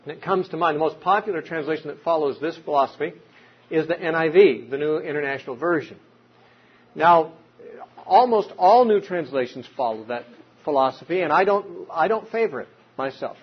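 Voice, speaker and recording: A man's voice: fairly high pitch, expressive, normal speed, husky. A man giving an unscripted Bible teaching talk, explaining with examples and rhetorical questions. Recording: dull lo-fi recording.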